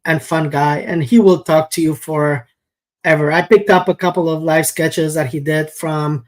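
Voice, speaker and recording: A man from Spain, a guest on a casual show, talking in a relaxed way in long, flowing sentences. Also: fairly high pitch, unhurried. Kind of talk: casual conversation.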